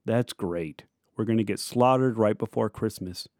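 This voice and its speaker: A man's voice: lowish voice, moderate pace, a little mellow, no echo, studio quality, lightly acted. Exasperated teenage sister, as a man reads her. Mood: sarcastic. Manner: sarcastic, complaining. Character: teenage girl, exasperated and complaining older sister.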